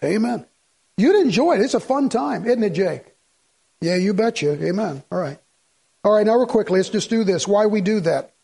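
A middle-aged man preaches with a husky, slightly breathy voice set high for a man. He speaks in a folksy, emphatic way, pressing his listeners with rhetorical questions. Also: animated, moderate pace, darkish tone. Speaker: pastor. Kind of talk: sermon.

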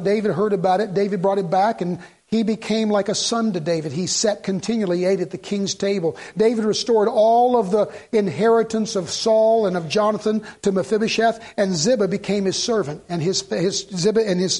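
A man's voice: sits high, darkish tone. A middle-aged pastor preaching a sermon, telling a Bible story and acting out its dialogue, often repeating and restarting his words.

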